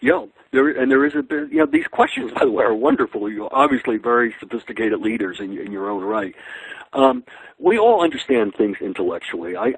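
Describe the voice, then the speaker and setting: A man's voice: lowish voice, gravelly, slightly rough, rough recording. A man giving a webinar talk on leading change, asking the audience rhetorical questions, with many fillers and restarts. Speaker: guest speaker on leadership.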